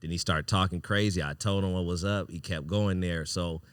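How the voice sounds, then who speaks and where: A man hosting a podcast, telling a long story in a casual, animated way, swearing freely and acting out what people said. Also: low-pitched, normal speed, smooth, dry recording. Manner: animated, profane, acts out quoted lines. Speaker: podcast host.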